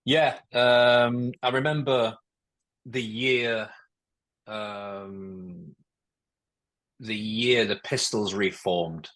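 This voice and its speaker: A man's voice: on the low side, fairly even intonation, very slow, pauses often, a bit bright. A man from England, a former footballer guesting on a podcast, telling rambling anecdotes in casual chat.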